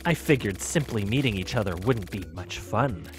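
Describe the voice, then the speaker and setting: A courteous, sinister male translator, voiced by a man reading a game aloud. The voice sits a little lower than normal and stays smooth and unhurried. Every polite phrase carries a quiet threat. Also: expressive, soft background music, close to an everyday voice. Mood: teasing.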